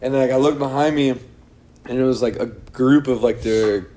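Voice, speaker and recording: A man's voice: mid-range voice, fairly even intonation, normal speed, dark tone. A young man casually telling a long, rambling story to friends on a podcast, acting out quotes and swearing freely. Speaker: podcast co-host.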